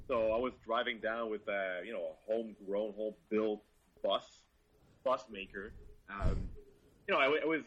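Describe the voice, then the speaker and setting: Laughing man, bright voice. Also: lowish voice, dull audio. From Quebec, Canada. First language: French. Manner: laughing, profane, animated storytelling. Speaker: guest car reviewer. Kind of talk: casual chat.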